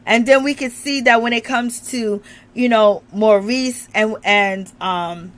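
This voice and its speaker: A woman's voice: on the high side, steady tone, slow pace, fairly bright tone. A woman chatting casually to her viewers about a reality show, laughing often and talking with a strained voice as she recovers from illness. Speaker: reality TV recap vlogger.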